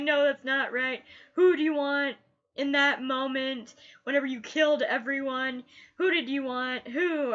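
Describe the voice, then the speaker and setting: High-pitched woman chatting slow about a tv episode, gushy, keeps echoing her last word, kinda dull lo-fi sound. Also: fairly bright tone. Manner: gushing, repeats last words like an echo. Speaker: TV reviewer. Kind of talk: casual spoken review.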